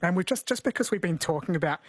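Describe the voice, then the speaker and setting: A man's voice: high-pitched, lively intonation, fast, slightly rough, dry recording. A man from New Zealand hosting a radio show and interviewing a guest in a friendly, conversational way. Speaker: radio host. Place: radio studio.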